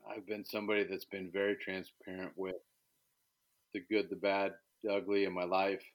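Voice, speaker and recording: A man's voice: little pitch movement, moderate pace, dull audio. A man talking as a podcast guest in casual conversation, bold and direct, stumbling into restarts as he speaks with emphasis. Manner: jumps to high, loud voices when quoting others.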